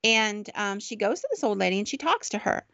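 A woman's voice: medium pitch, very animated, fairly quick, fairly bright tone, dry recording. A woman podcast host casually telling a ghost story in a chatty, conversational way, on a dull, dry recording.

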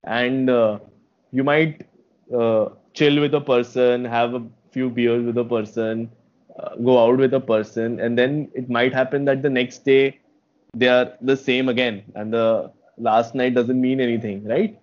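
Relaxed young man telling stories. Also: medium pitch, a little slow. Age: young adult. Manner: relaxed, reflective storytelling. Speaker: podcast co-host. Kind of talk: casual chat. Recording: dull lo-fi sound.

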